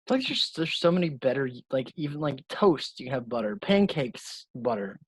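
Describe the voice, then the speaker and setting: A man's voice: mid-range voice, big pitch swings, normal speed, slightly rough, dry recording, rough recording. A young man co-hosting a podcast in casual chat, laughing often and swearing freely as he tells stories. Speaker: podcast co-host.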